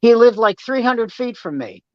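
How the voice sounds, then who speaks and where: A man's voice: very high-pitched, animated, normal speed, clear, resonant tone, dry recording. A man, a guest comedian, telling jokes and stories in a wisecracking way on a casual podcast. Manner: wisecracking storyteller. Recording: dry, dull lo-fi sound.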